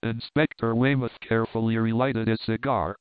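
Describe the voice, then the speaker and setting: A man's voice: fairly low pitch, flat delivery, moderate pace, clean tone, no room sound. Man narrating a mystery on tinny audio. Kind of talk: scripted narration of a mystery novel. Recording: dry, tinny narrow-band audio.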